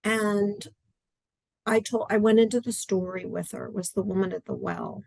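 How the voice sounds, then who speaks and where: A middle-aged woman who writes adaptive curriculum chats casually as an interview guest over video call from her home study. Her mid-range voice is creaky and slightly mellow, with fairly even intonation, a normal pace and no room sound. Earnest and chatty, she acts out her own quotes.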